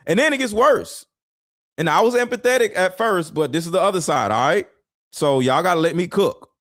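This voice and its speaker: A man giving blunt, preachy reaction commentary, swearing and sometimes shouting. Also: high voice, animated, fairly quick, dry recording, studio quality. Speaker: commentary vlogger reacting to clips.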